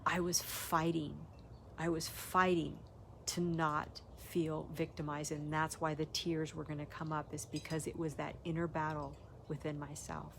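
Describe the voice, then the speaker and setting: A woman's voice: deep voice, vocal fry, a little hiss or hum. An older woman, a spiritual teacher, telling a personal story and reflecting on it in a candid, earnest way.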